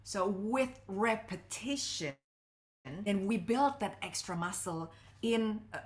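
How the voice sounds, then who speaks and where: A middle-aged woman relationship coach giving earnest, expressive advice as an interview guest, her pitch swinging up for emphasis.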